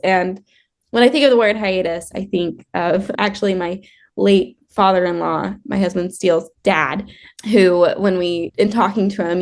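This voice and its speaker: A woman's voice: medium pitch, creaky. A woman co-hosting a podcast, telling stories in a casual way and laughing often. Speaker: podcast co-host.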